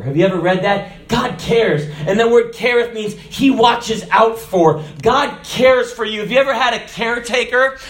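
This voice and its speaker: A man preaching a sermon, telling jokes and stories, with sudden shouted lines. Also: high-pitched. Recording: echoey room.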